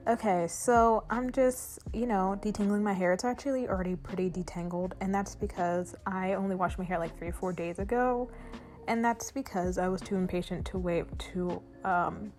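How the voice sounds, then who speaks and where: A woman's voice: mid-range voice, moderate pace, darkish tone, soft background music. Easygoing woman explaining her hair routine. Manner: easygoing, walking through each step. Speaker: hair vlogger. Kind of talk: casual how-to vlog narration. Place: bathroom shower.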